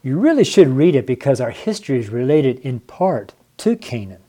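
Middle-aged male podcaster, earnest devotional reader, mellow low-key tone, casual and unpolished. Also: sing-song, moderate pace. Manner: earnest, emotional, unedited and rambling. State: tearful. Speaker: podcast host, trucker. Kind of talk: devotional podcast with Bible reading.

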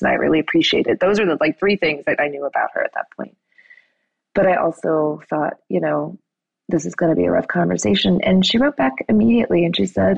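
Low, gravelly-voiced woman telling a story. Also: no room sound, lo-fi sound. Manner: animated retelling with quoted dialogue, fillers and restarts. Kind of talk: conversational storytelling.

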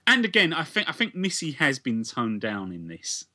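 With a mid-range voice that swings hugely in pitch, this British podcast co-host talks at a moderate pace in a pushed, bright tone. He's analytical and questioning, casually dissecting a plot during a relaxed review conversation.

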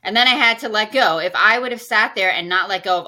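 A woman's voice: medium pitch, fast talker, pushed and bright. A woman who works as a financial planner, a podcast guest telling a personal story in casual conversation and acting out her own past lines.

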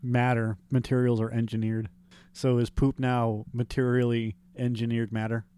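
Male podcast co-host, average pitch, crude and laughing, reads posts with mock formality. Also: level tone, normal speed, mellow, smooth. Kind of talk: casual comedic chat, reading listener posts aloud.

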